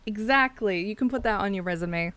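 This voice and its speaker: A woman's voice: medium pitch, brisk, fairly bright tone, clean tone, no room sound. A woman from South Australia with a South Australian accent, chatting casually on a stream, laughing often and swearing freely.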